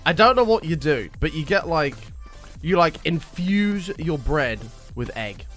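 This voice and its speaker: A man's voice: on the high side, expressive, a little slow, fairly bright tone, soft background music. A man streaming a game, chatting casually and telling a rambling story. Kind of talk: casual gaming chat.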